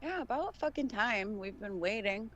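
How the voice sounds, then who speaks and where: A woman's voice: fairly high pitch, expressive, normal speed, fairly bright tone, a little hiss or hum, rough recording. A woman co-hosting a live podcast stream, chatting casually, blunt and playful and swearing freely. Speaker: podcast co-host.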